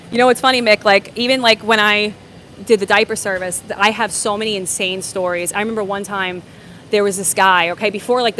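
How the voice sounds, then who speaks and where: A woman's voice: medium pitch, fairly bright tone, slight background noise. A woman hosts a casual livestream, answering viewer comments and telling rambling stories full of fillers and restarts. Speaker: livestream host.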